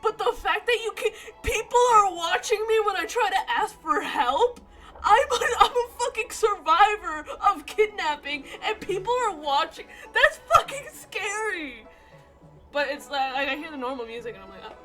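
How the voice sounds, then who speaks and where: High lively young woman streamer, jumpy. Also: moderate pace, soft background music. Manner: jumpy, swears, laughs nervously. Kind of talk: live gameplay commentary.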